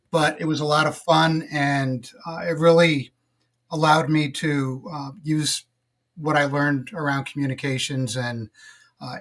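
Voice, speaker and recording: A middle-aged man with a slightly higher-pitched voice, chatting casually as a podcast guest. His delivery is relaxed and reflective and full of little fillers. He talks like someone recalling old jobs at an easy pace. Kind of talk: casual interview storytelling.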